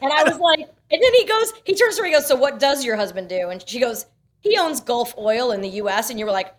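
A woman in her forties, a podcast guest, telling lively anecdotes and acting out what people said. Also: sits high, brisk, a little hiss or hum. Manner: animated storyteller acting out quotes. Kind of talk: casual chat.

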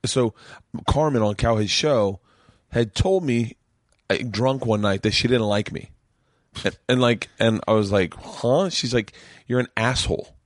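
Speaking at an unhurried pace in a lowish voice, a male comedian shares chatty stories on his podcast and performs the dialogue himself. The small home studio recording is studio quality, with no room sound.

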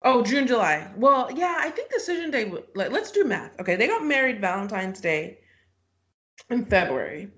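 A woman co-hosts a casual podcast and thinks out loud, filling her talk with "like" and "you know". Her pitch moves all over and stays animated throughout. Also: moderate pace. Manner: expressive, musing, filler-heavy. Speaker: podcast co-host. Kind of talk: casual recap chat.

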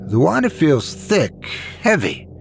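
A man's voice: on the high side, huge pitch swings, slow pace, vocal fry, soft background music, voice pushed up, exaggerated voice. A man voicing a cautious, uneasy young woman diver who keeps pleading to go back. She speaks in a worried voice, lifted above the narration. This is a read-aloud horror tale. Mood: anxious.

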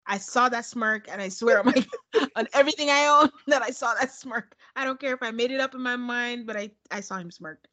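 Woman co-host, fairly high pitch, sarcastic storyteller for a casual recap. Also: fairly bright tone. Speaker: podcast co-host recapping a reality show. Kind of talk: casual chat.

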